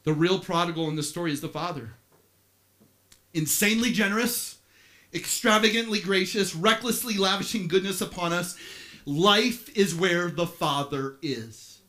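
A man preaching a sermon as pastor, animated, with playful asides, swinging from quiet stretches to shouting. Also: high-pitched, normal speed.

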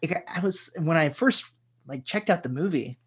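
A man in a casual film discussion, talking haltingly with many fillers and restarts. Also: a little high, animated, breathy edge. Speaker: podcast co-host.

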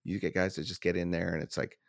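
A man's voice: low-pitched, level tone, fast, vocal fry, no echo, clean studio sound. A man hosting a podcast in a laid-back, casual way, peppering his talk with slang like "man" and "dude". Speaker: podcast host, gym owner. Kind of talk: casual interview chat.

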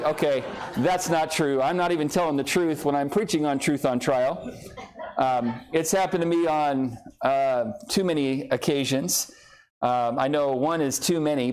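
A man's voice: a little high, a little mellow, smooth. Man preaching with self-deprecating humor. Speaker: pastor. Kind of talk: sermon.

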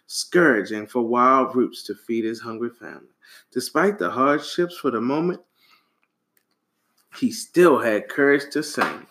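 A man reading a folktale aloud to a child, animated and relaxed, with casual asides. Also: mid-range voice. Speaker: storyteller.

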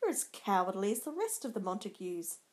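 A woman's voice: mid-range voice, sing-song, brisk, a little mellow, close to an everyday voice. A woman voicing a harsh, sneering young swordsman who picks a fight, in a storybook reading. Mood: menacing. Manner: sneering and jeering.

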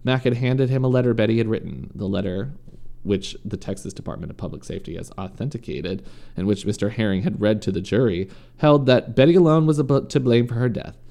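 This man's fairly low, creaky, mellow voice moves fairly quickly as he casually reads a true-crime story for his podcast. Now and then he trips over words and fixes them.

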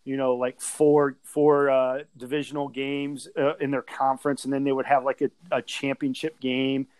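A man talking sports in a relaxed podcast chat, circling his points with plenty of "uh"s and "you know"s. His voice sits at an ordinary middle pitch. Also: normal speed, no echo, rough recording. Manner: rambling, with many fillers and restarts.

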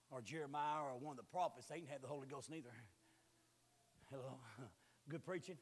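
A high-pitched man in his sixties preaching a sermon. He tells homely stories in a folksy drawl, then climbs into loud, hollering exclamations. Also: moderate pace, pauses often.

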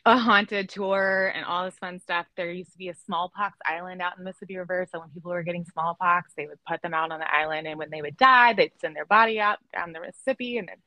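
A woman from Illinois hosting a casual podcast chat, chatty and quick to laugh, with lots of fillers. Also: on the low side, steady tone, bright, forceful tone, no room sound, poor audio. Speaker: podcast host.

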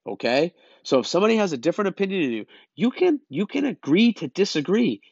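A man delivers a blunt opinion rant at his listeners, exasperated and lecturing, talking very animatedly and fast. His voice is a bit high for a man and a little mellow. The recording is dry and slightly muffled.

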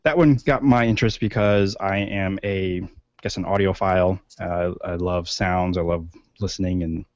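A man's voice: low voice, steady tone, moderate pace, no echo. A man co-hosting a podcast in casual chat, rambling with many fillers and restarts. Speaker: podcast co-host. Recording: dull, lo-fi sound.

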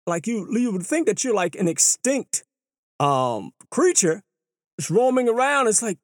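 Animated man, lively swooping pitch. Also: normal speed, no echo, studio quality. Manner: animated, mimics bystanders with exaggerated pitch jumps. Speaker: runner and storyteller. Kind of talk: casual storytelling monologue. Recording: clear hip hop music behind the voice.

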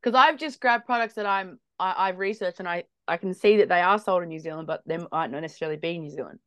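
A woman hosting a casual snack taste test, playful and quick to exclaim. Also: lowish voice, fairly bright tone, clean tone, no room sound. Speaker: channel host. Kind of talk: casual chat.

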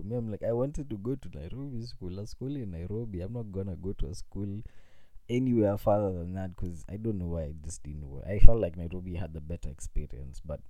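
Deep-voiced Kenyan man telling a story. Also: no echo. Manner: animated, mixes in Swahili phrases, laughs at own story. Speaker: vlogger. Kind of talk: casual storytelling.

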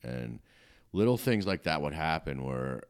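A man's voice: a bass voice, very animated, a little slow, smooth. A middle-aged man, a comedian guest, telling blunt, matter-of-fact stories in casual chat.

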